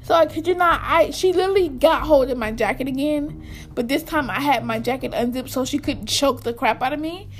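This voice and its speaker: A young adult woman telling a story to her viewers, animated and laughing often. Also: high voice, a little fast, soft background music. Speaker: vlogger. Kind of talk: storytime vlog.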